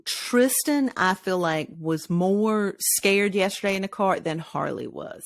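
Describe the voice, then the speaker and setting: A woman co-hosting a podcast, telling animated stories in casual chat, swearing freely and laughing often. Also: mid-range voice, a little slow, gravelly. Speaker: podcast co-host.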